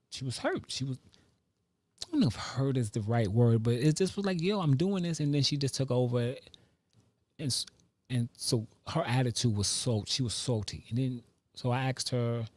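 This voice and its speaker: Animated man telling stories, dry sound. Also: breathy edge, no room sound. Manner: animated, with sudden pitch jumps and hushed asides. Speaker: vlogger; father. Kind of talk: casual storytelling monologue.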